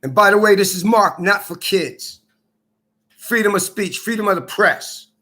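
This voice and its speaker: A man with a high, bright voice, ranting bitterly straight at the camera. He accuses, swears and circles back to the same lines again and again, with a raw, personal edge. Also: expressive, measured pace. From Minnesota. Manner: bitter, accusing, repetitive, profane. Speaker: vlogger. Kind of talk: angry personal rant to camera.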